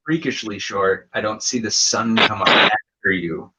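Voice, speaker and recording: A man's voice: fairly low pitch, a little slow, very noisy. A man doing a casual stand-up set over a home video call, rambling and self-deprecating with lots of fillers and restarts. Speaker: stand-up comedian.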